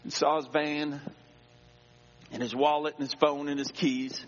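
A male pastor telling a personal story in a sermon, dramatic, dropping to a hush and rising again. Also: on the high side, flat delivery, a little slow. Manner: dramatic, swings between hushed and raised voice. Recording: dull sound with long hall reverb.

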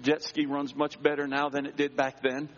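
A male pastor telling a personal story in a sermon, dramatic, dropping to a hush and rising again. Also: fairly high pitch, monotone, moderate pace. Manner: dramatic, swings between hushed and raised voice. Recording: dull sound with long hall reverb.

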